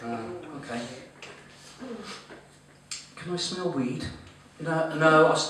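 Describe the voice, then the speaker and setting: Teasing compere in an echoey club. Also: male voice, on the high side, unhurried, long pauses, a bit bright. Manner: chatty, swearing, teasing the crowd. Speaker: comedy compere. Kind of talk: stand-up storytelling to a live audience. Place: comedy club room. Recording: very echoey room, far-off mic, noisy.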